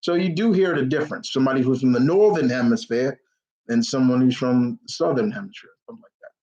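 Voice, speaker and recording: A man's voice: mid-range voice, quick pace, mellow, highs cut off. A man hosting a live question-and-answer stream, chatting enthusiastically in a rambling way, full of fillers and restarts. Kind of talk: casual rambling chat.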